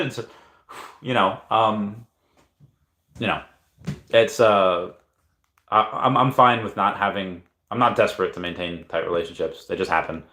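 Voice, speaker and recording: A man's voice: on the low side, steady tone, measured pace, long pauses, bright, forceful tone. A man in his thirties hosting a livestream, chatting casually and reading out viewer comments, often hesitating and restarting his sentences. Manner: hesitant, restarts often, reads chat aloud. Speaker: livestream host. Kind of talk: rambling casual livestream chat. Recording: echoey room.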